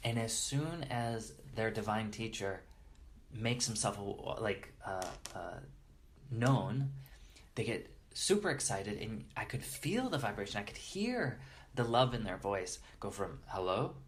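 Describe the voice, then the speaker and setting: A man's voice: lowish voice, big pitch swings, measured pace, a little hiss or hum. A man in an interview earnestly and reverently telling stories, often restarting his sentences as he goes. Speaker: interview guest. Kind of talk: storytelling in conversation.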